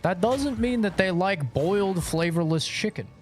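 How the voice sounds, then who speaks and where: Animated, swearing gaming streamer man. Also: high-pitched, moderate pace, a little hiss or hum. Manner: swears freely, rants animatedly. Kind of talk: casual gameplay commentary.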